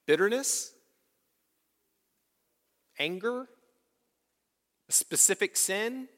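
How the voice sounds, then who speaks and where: In a church sanctuary with long reverb, a pastor delivers his sermon in a slightly high, fairly bright voice with vocal fry. He leans on repetition and keeps asking the congregation questions.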